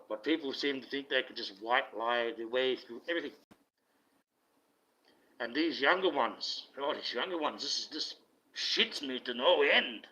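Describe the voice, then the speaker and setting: A man's voice: medium pitch, animated, moderate pace, bright, forceful tone. A man, a self-styled online preacher, delivering a blunt, profane, indignant rant. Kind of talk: ranting monologue. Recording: dull lo-fi recording.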